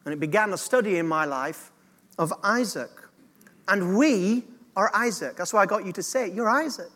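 A man's voice: sits high, expressive, moderate pace, pushed and bright, in a large hall. A man preaching a sermon as pastor, earnest and direct, drawing the congregation into call-and-response.

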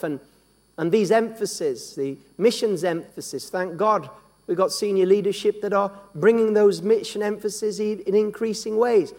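A man's voice: high-pitched, a little mellow. A man preaching a sermon in a church hall, earnest and repetitive, often restarting his phrases. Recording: long hall reverb.

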